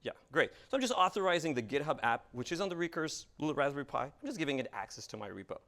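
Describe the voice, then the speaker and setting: A man's voice: on the high side, expressive, rapid-fire, a bit bright. A man giving a live coding demo at a tech meetup, rambling and self-deprecating as he types and talks to the audience. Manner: rambling, self-deprecating, thinks aloud while typing. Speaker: presenter giving a tech talk. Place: meetup room in front of an audience.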